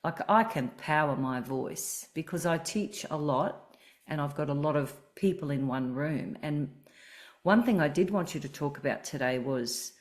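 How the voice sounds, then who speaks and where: Deep-ish woman voice, singing teacher hosting a podcast, earnest and explaining stuff. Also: normal speed. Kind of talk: casual podcast chat.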